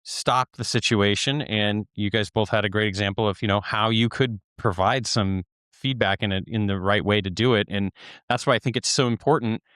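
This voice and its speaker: Guy hosting a podcast, clean smooth voice, no room sound, calm reflective. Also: lowish voice, normal speed, no room sound, studio quality. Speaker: podcast host. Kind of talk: casual chat.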